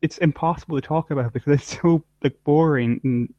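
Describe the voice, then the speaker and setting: A man's voice: a little high, brisk, no echo. A man co-hosting a casual chat, rambling dryly with lots of fillers and trailing off. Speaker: podcast co-host. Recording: dry, dull lo-fi mic.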